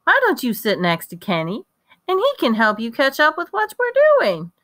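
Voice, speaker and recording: A woman's voice: on the high side, huge pitch swings, normal speed, fairly bright tone, dry recording, studio quality, voice pushed up. A woman voicing a polite elementary schoolteacher in a kindly, instructive tone. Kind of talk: audiobook reading.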